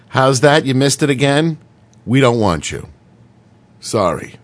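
A man's voice: mid-range voice, expressive, moderate pace, no room sound. A man hosting a comedy radio show, bantering casually and goofily, now and then slipping into mock accents. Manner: goofy, jokey, slips into mock accents.

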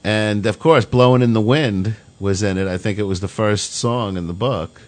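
A man's voice: on the low side, normal speed. Profane rambling man in his fifties. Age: 50s. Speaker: podcast host. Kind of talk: casual radio chat.

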